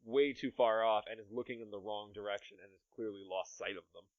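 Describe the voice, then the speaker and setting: A man's voice: fairly low pitch, fast talker, no room sound, highs cut off. Male game master describing a scene. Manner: descriptive, amused, laughs often. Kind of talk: narrating a tabletop game.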